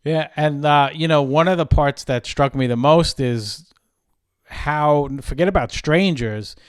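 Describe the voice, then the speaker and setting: A man's voice: on the high side, unhurried, smooth, no room sound, studio quality. A man hosting a podcast interview, with easygoing affirmations and rambling questions. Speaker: podcast host.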